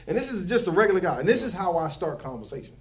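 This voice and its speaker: A man's voice: sits high, sing-song, racing. A young man, a barber giving advice to new barbers in casual, profane chat, repeating his catchphrases. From Philadelphia. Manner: loose, swearing, repeats catchphrases.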